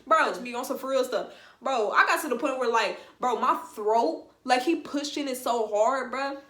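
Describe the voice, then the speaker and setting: A young woman telling a story on her vlog in a slangy, animated, emphatic way. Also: high-pitched, moderate pace. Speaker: vlogger. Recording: roomy echo.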